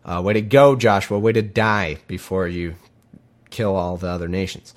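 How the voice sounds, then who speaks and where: A man giving sarcastic, irreverent commentary between readings, often halting and restarting his sentences. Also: deep voice, steady tone. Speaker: podcast host reading scripture.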